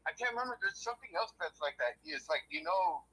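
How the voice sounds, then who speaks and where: A man's voice: high-pitched, lively intonation, quick pace, crowd noise, poor audio. A man co-hosting a casual podcast, talking bluntly with heavy swearing and chiming in to agree. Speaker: podcast co-host. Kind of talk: casual profane podcast chat.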